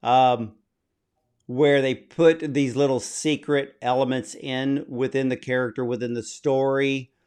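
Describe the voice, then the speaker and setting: A man's voice: mid-range voice, darkish tone, smooth. A man interviewing a film director, effusive and admiring in his questions. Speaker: interviewer, host.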